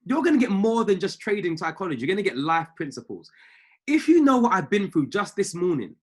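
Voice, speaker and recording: A man's voice: a little high, husky. A man coaching traders on a live call from a family home, preaching in an emphatic way and repeating his key phrases. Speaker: trading mindset coach.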